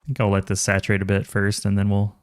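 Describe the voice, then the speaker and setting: Male game streamer, low voice, relaxed chatty play-by-play, dry close sound. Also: quick pace, clear, resonant tone, no echo. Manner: relaxed, chatty, thinks aloud and reads chat aloud. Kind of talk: casual gameplay commentary.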